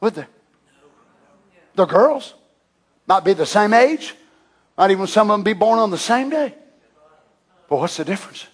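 An older man preaching a fervent sermon as pastor in a church, shouting at times and dropping to hushed tones. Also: high voice, lively intonation, normal speed, long pauses, slightly rough. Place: church sanctuary.

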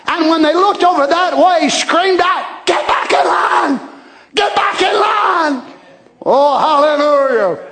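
A man preaching an impassioned sermon, shouting and calling out praise. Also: extremely high pitch. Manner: shouting, impassioned, calls out hallelujah. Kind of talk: fiery sermon.

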